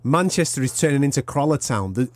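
A man's voice: medium pitch, animated, dry recording. A man, a podcast co-host with a chummy, bantering manner. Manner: rapid and chummy. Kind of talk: casual banter.

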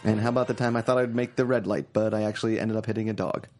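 A man co-hosting a casual podcast chat, animated and joking, slipping into quick voices when he retells scenes. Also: on the low side, soft background music. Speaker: podcast co-host.

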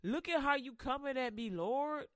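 A woman as a slangy, scoffing young man, jealous and whiny, pitch jumping all over. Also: animated, normal speed, dry recording, clean studio sound. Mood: resentful.

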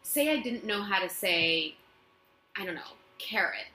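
A woman, an actress, tells stories on herself in a loose, chatty interview. Her voice is bright and forward, and she fills gaps with plenty of ums and likes. The sound carries the echo of the living room of her own apartment. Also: medium pitch, expressive, unhurried. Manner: chatty, self-mocking, many fillers. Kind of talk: casual storytelling interview.

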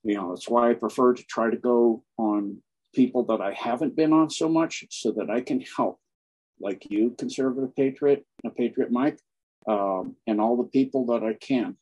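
Guy with a husky voice going off as a guest, preachy and emphatic, mid-pitched. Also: moderate pace, a little mellow, rough recording. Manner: preachy, emphatic, keeps acting out quoted people. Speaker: guest on online channels. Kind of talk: impassioned spoken monologue.

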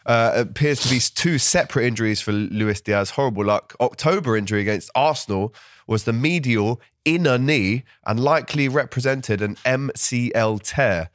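A man from with a slightly hoarse voice, hosting a casual football podcast and reading out viewer comments. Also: mid-range voice, normal speed, no room sound, studio quality. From London. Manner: chatty, reads out viewer comments. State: hoarse from a cold. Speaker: host.

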